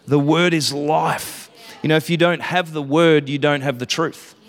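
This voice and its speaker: A man's voice: on the high side, steady tone, unhurried, big-room sound. A man, preaching a casual sermon to a congregation, chatty and self-interrupting, laughing often.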